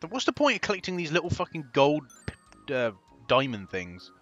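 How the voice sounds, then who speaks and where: A man giving excitable, foul-mouthed gameplay commentary as host of a gaming video. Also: a little high, a little fast, lo-fi sound, faint music behind. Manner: excitable, swears constantly, laughs often.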